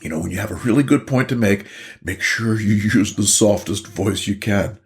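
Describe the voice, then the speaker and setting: A man's voice: on the low side, moderate pace. An older man, a couples therapist, talking casually to the camera and acting out a couple's argument as he tells it. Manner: storytelling, acts out both partners' voices.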